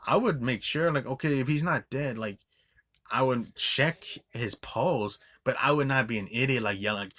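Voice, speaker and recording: A man's voice: medium pitch, normal speed, pushed and bright. A man giving a profane, rambling movie review, scornful and full of "like" fillers and restarts. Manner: swears often, scornful.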